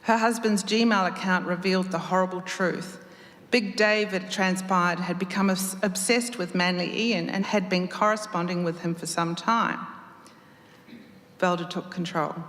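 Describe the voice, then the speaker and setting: A woman writer reading her own story aloud to an audience at a live event, expressive and measured. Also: on the low side. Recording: roomy hall reverb.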